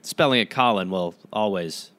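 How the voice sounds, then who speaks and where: A middle-aged man co-hosting a comedy podcast, riffing loudly and indignantly with plenty of profanity. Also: fairly low pitch, normal speed, dry recording. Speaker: comedian co-host. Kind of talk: casual comedic banter.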